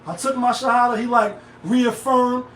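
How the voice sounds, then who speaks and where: A middle-aged man hosts a casual live stream and drifts from one thought to the next in heavy slang. His voice sits high and carries room echo, picked up by a phone set a bit away from him. There is a faint hiss underneath. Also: steady tone, moderate pace, fairly bright tone, recorded from a distance. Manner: rambling, digressive, heavy slang and filler. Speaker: livestream host. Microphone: phone set back from the speaker. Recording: echoey room, voice off-mic.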